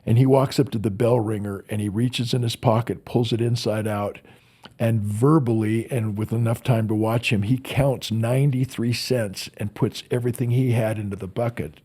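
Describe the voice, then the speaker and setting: A man's voice: mid-range voice, steady tone, normal speed, dark tone, breathy edge. A man who is a motivational speaker, telling earnest stories as a podcast guest and often repeating words as he searches for them. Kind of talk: storytelling in a podcast interview.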